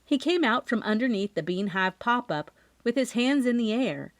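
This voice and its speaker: A woman's voice: on the high side, normal speed, no echo. A woman narrating a cozy mystery audiobook in the first person, as a scripted reading. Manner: expressive first-person storytelling.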